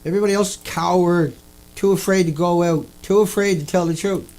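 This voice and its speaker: A man's voice: high-pitched, fairly even intonation, a little fast, darkish tone. A man delivering an angry, repetitive rant, swearing often as he talks to his viewers. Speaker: video blogger.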